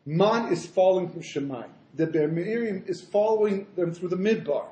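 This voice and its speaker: A man rabbi giving a Torah lecture in an animated storytelling way, full of asides. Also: sits high, moderate pace. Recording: roomy echo.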